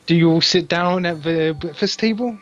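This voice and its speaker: Man, game master, relaxed narration, laughs often, slightly high voice, dull lo-fi sound. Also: normal speed.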